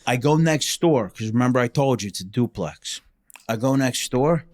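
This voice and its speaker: A man tells a story in casual podcast chat, lively and profane. He slips into the dialogue as he goes, and his voice sits at an ordinary middle pitch. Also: normal speed. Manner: animated and profane, acts out dialogue. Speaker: podcast guest telling a ghost story.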